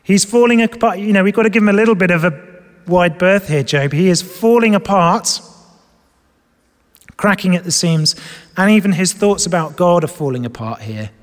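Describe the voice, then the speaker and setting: A man preaching a sermon, swinging between loud emphatic lines and soft, low asides. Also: moderate pace, big-room sound. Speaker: pastor. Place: church hall with screens.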